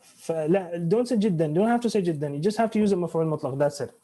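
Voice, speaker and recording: A man's voice: high voice, very fast, dark tone. A man teaching Arabic grammar in an online class, switching between English and Arabic, restarting phrases and quizzing his students.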